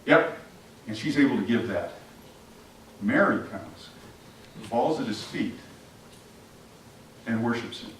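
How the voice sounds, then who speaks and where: Slow and full of long pauses, a pastor's mid-range voice carries an animated, interactive sermon in which he questions the congregation and acts out scenes. A distant mic in the echoey sanctuary also catches slight background noise.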